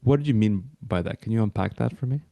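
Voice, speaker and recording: A man with a fairly low voice hosts a podcast and puts his questions to a guest. He talks casually and haltingly, full of fillers, and the recording sounds close and dry. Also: gravelly, dark tone, no room sound. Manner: hesitant, many fillers and restarts. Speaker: podcast host.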